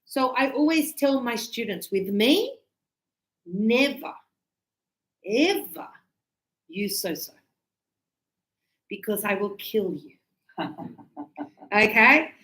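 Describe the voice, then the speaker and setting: Animated woman teacher, high voice. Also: takes it slowly, long pauses. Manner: animated, acts out little dialogues; emphatic, teasing. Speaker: English teacher. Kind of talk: informal classroom grammar explanation. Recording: echoey room.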